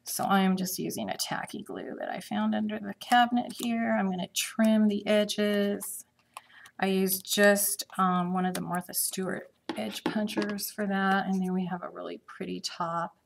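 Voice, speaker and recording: A woman's voice: mid-range voice, fairly even intonation, moderate pace, gravelly, a little hiss or hum. A middle-aged woman chatting her way through a live craft demonstration, thinking aloud as she works.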